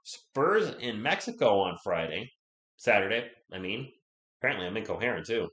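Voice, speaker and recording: Over a stream, a young man with a lowish, sing-song voice talks through the action at a moderate pace in an echoey room. Sore-throated and sick-sounding, he avoids raising his voice. He's conversational and keeps answering his viewers.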